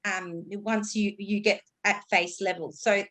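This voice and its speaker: A woman's voice: mid-range voice, fairly even intonation, measured pace, a bit bright. A woman communication coach giving advice on a panel, explaining patiently and acting out exaggerated intonation.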